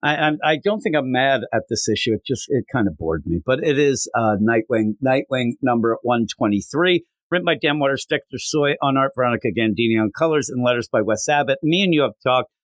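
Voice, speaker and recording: A comic podcast co-host rambles through his review, swearing freely with a very animated pitch. His voice sounds dry and close to the mic. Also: fairly quick, few pauses, no echo. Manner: rambling, swears a lot, lively. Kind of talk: casual comic review chat.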